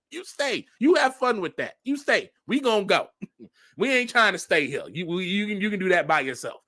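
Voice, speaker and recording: A man's voice: high voice, animated, a little fast, bright, forceful tone. A man reading news headlines aloud and adding sarcastic commentary, laughing often. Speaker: commentary vlogger.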